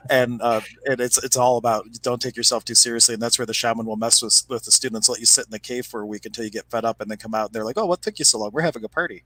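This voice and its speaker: A man's voice: mid-range voice, level tone, quick pace, hardly any pauses, fairly bright tone, dry recording. A middle-aged man co-hosting a casual chat, telling stories and laughing often as he acts out what people said. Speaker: podcast co-host.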